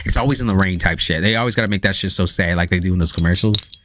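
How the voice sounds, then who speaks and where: A man hosting a live stream, chatting casually with viewers in a loose, profane, animated storytelling manner. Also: deep voice, rapid-fire, background noise. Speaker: live stream tarot reader.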